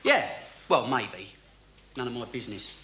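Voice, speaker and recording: A man's voice: medium pitch, big pitch swings, a little slow, pushed and bright, a little hiss or hum. An actor playing an evasive, defensive male fashion photographer in a 1980s crime drama. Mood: grudging. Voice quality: grudging, defensive.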